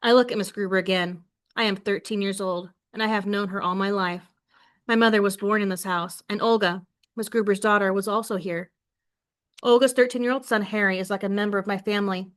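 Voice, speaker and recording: A woman teacher reading a novel aloud to her class in an expressive way, then setting questions for the class. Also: mid-range voice, fairly quick. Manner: expressive read-aloud, voicing quoted lines with more force.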